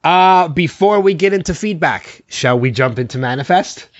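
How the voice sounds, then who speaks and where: A man co-host recaps a TV episode in relaxed chat, full of ums and quick laughs. His voice sits somewhat high for a man. The recording sounds dull and lo-fi. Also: dry recording. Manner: halting with fillers, laughs often. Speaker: podcast co-host.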